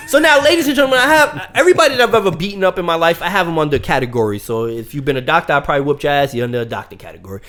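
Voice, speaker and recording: Animated profane New storyteller man. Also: very fast, few pauses. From Brooklyn, New York. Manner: animated, profane, swings from low mutters to loud outbursts. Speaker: podcast co-host telling a story. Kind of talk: casual storytelling chat.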